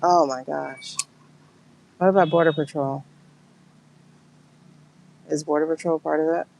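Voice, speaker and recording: A woman with a gravelly, creaky voice doing a livestream pendulum reading. She speaks slowly and emotionally and keeps calling out to her viewers. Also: low voice, fairly even intonation, darkish tone, a little hiss or hum, low-quality recording. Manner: emotional, exclaiming, talks to viewers as "girl". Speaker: tarot and pendulum reader.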